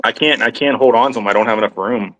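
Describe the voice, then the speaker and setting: A man's voice: medium pitch, fast talker, fairly bright tone, dull audio. A man chatting as a guest on a livestream, rambling and playful with a lot of hesitation. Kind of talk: casual chat on a livestream.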